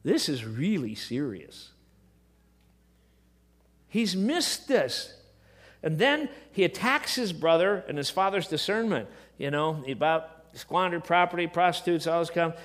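A middle-aged man preaching a sermon, moving between quiet, hushed passages and emotional, impassioned outbursts. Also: on the high side, expressive, a little slow.

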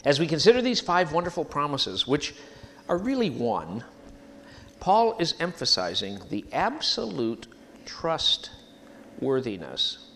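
Male preacher, lively swooping delivery, emphatic, church sermon, faint background noise. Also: on the high side, slow pace. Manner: animated, emphatic preaching with congregation call-and-response; sings hymn lines at the start.

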